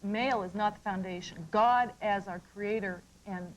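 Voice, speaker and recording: A woman's voice: medium pitch, moderate pace, slight background noise, poor audio. Insistent woman guest debating on radio. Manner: insistent, argumentative. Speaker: guest on a talk radio show.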